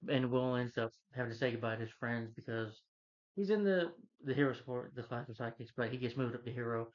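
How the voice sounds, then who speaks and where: A man's voice: mid-range voice, flat delivery, fast, lo-fi sound. A man retelling a film's plot in a casual, rambling review, full of fillers and restarts. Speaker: film reviewer. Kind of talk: casual spoken film review.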